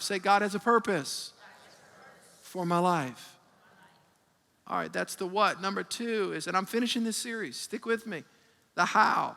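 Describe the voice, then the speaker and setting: A man in his fifties, a pastor preaching a sermon with call-and-response and animated storytelling. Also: high-pitched, vocal fry. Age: 50s. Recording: long reverb of a large hall.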